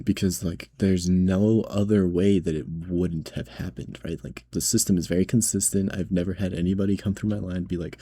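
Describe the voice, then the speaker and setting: A man's voice: sits low, fairly even intonation, fairly quick, few pauses, mellow, slightly rough. A man who works as a grocery cashier tells a story in a casual vlog, rambling with lots of "like" and "right?" and sounding nervous and indignant.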